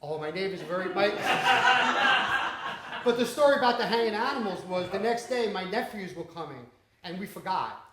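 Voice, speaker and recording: A man's voice: high voice, lively intonation, normal speed, very noisy. A man, telling stories and laughing as he takes questions after a screening of his film. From the Bronx, New York. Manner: storytelling, laughing often, swearing. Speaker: independent filmmaker. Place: small cinema venue. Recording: echoey room with audience. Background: audience.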